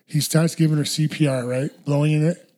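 Man, casual podcast chat, storyteller, lots of filler words, fairly high voice. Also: fairly even intonation, brisk, a little mellow.

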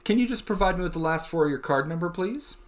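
A man's voice: high-pitched, lively intonation, fast. Young man with a polite phone-agent tone. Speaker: podcast co-host. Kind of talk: casual chat and mock customer service call.

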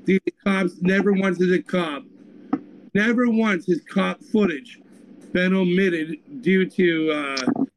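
A man's voice: high-pitched, slow, background noise. A man co-hosting a podcast, telling a story in crude, rambling casual chat. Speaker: podcast co-host.

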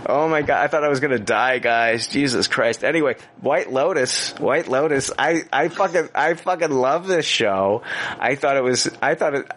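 A man's voice: mid-range voice, moderate pace. A man co-hosting a podcast, telling stories in casual chat with lots of swearing and filler words. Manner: animated storytelling, heavy swearing and filler words. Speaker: podcast co-host.

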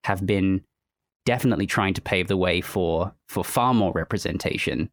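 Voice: low voice, normal speed, no room sound, studio quality. A podcast host who is also a voice actor, chatting casually with a guest, rambling with emphatic asides.

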